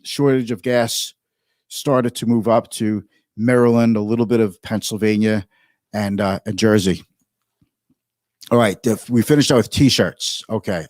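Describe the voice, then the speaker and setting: A man in his fifties hosting a casual livestream, reading viewer comments aloud and chatting about the stock market, with halting restarts. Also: on the low side, darkish tone, no room sound, studio quality. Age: 50s.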